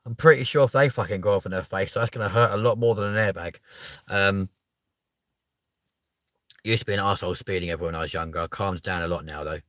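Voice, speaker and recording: A young man hosting a live comedy stream from a car, sweary and mocking, jumping from loud outbursts to muttered asides. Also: low-pitched, fairly quick, pauses often, no room sound. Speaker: host of a live stream show. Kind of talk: crude comedic live chat.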